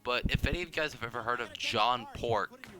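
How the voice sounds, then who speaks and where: A man's voice: medium pitch, brisk, sharp tone, faint music behind. A young man giving casual gameplay commentary, rambling and self-deprecating, with frequent restarts and tangents. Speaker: gaming video creator.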